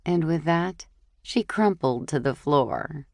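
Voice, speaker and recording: A woman narrating a cozy mystery audiobook in a measured, even storytelling voice. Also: low-pitched, creaky, dry recording, clean studio sound. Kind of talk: scripted narration.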